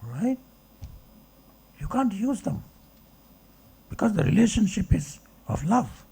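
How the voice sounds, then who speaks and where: A man with a high-sitting, sing-song voice speaks slowly, with vocal fry, a mellow quality and a breathy edge. He's a philosophy professor giving a discursive public lecture, checking in with the audience through rhetorical asides like "okay" and "right."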